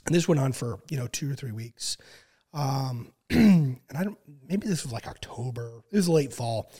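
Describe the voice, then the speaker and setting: A man in his thirties telling a long story in casual chat, with many fillers and frequent throat clearing. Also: medium pitch, normal speed. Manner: relaxed, filler-heavy, clears throat often. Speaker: podcast guest.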